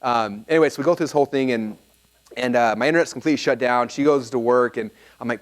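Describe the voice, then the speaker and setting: A man presenting a seminar to a live audience, telling a story in an energetic, casual way with lots of "like" fillers. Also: mid-range voice, quick pace.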